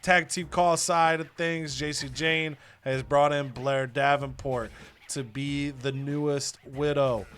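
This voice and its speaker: Bright excitable man recapping wrestling games. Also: a little high, takes it slowly, clear, resonant tone. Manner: excitable, recapping results with bursts of loud laughter. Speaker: host. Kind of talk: casual gaming commentary.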